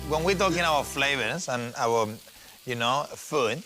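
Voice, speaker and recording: Hosting a TV cooking segment, a man chats playfully with a guest, teasing and laughing often in an animated way. His voice is mid-range and his pace measured, with music playing in the background.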